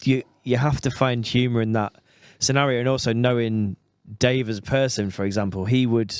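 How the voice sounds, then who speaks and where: A man co-hosting a podcast in casual chat, cynical and sweary, with quick asides. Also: mid-range voice, fairly even intonation, clean tone, dry recording, clean studio sound. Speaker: podcast co-host.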